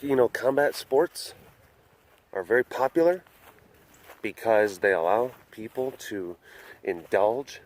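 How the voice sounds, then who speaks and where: A man casually talking to the camera and to big cats while walking around an animal compound, rambling and playful. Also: medium pitch. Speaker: big cat facility vlogger. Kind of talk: casual walk-around commentary.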